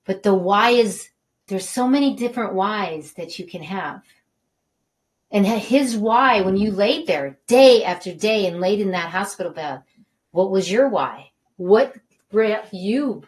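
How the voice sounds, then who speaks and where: A woman's voice: mid-range voice, lively intonation, measured pace. A woman hosting a talk show, affirming her guest's point and turning to speak to viewers. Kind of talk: interview host speaking to viewers.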